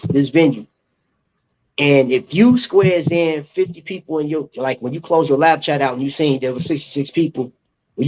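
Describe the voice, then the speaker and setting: A man's voice: on the high side, dark tone, slightly rough, muffled recording. A man co-hosting a casual livestream talk, explaining a point and checking in with "right?". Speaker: livestream co-host.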